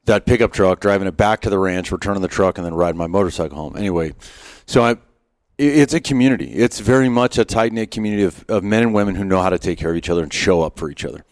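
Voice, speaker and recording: Speaking quickly in a low, slightly mellow voice, this middle-aged podcast guest tells stories about himself with a self-deprecating streak. The former Marine sniper keeps restarting sentences as he casually recounts a wilderness hunting trip in an interview. The sound is dry and studio-clean.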